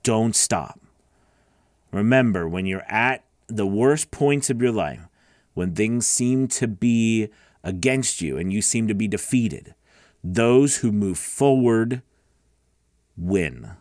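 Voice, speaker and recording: A man's voice: lowish voice, expressive, slow pace, darkish tone, no room sound, studio quality. A man hosting a live voice-over Q&A, earnest and encouraging, rambling with fillers as he answers viewers. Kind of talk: motivational live stream chat.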